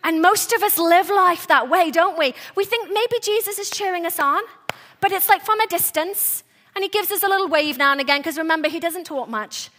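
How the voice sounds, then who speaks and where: A woman pastor giving a sermon, earnest and soft-spoken, breaking into animated, quick asides. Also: extremely high pitch.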